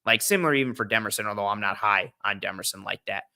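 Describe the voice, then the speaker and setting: A man's voice: lowish voice, fast talker, gravelly, bright, forceful tone. A young man hosting a casual football draft discussion, rambling with fillers and restarts. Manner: rambling, lots of fillers and restarts, hums to himself while thinking. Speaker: podcast host. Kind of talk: casual draft-analysis chat.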